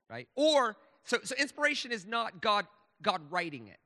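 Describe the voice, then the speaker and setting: High, bright-voiced preacher in an echoing hall. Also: male voice, sing-song, normal speed. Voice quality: emphatic, with lots of stammered restarts. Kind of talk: sermon.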